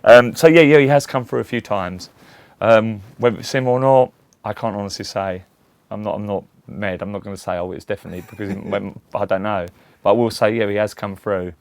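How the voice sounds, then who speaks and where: A man's voice: on the low side, brisk, creaky, no echo. A middle-aged man, telling rambling anecdotes in a casual interview and acting out the voices of the people in them. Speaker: interview guest, tribute act for a famous singer.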